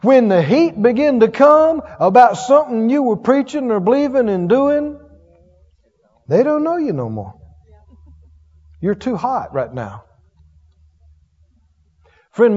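Male preacher, high voice, folksy and chuckling, muffled recording with long echo. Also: big pitch swings, a little slow, long pauses, breathy edge. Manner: folksy, chuckling, swings from loud to hushed. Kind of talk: sermon. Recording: dull reverberant hall sound.

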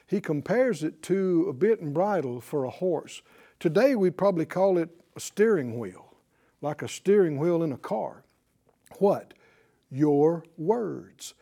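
A man's voice: on the high side, unhurried. A male preacher giving a sermon, asking questions, quoting scripture and chuckling between points. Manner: animated, asks the congregation questions, quotes scripture.

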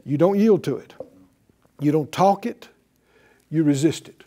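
A man preaching to a class, animated, asking them questions and acting out quotes. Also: a little high, measured pace, pauses often. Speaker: bible teacher.

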